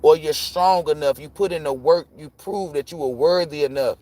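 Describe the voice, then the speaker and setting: A man reading tarot on a live stream, ranting casually and profanely, rambling and cutting himself off, jumping between loud bursts and low muttering. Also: moderate pace. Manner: profane, rambling, self-interrupting; animated, jumps between shouting and muttering.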